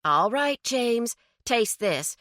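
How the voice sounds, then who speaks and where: A bright, teasing woman who runs her friends' dinner table and loves showing off her cooking. Her voice lifts high and playful as a woman reads her part. The sound is dry and close. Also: slow, dry recording, full character voice. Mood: cheerful. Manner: lively, sing-song and coaxing. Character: bubbly confident woman cook, teasing hostess.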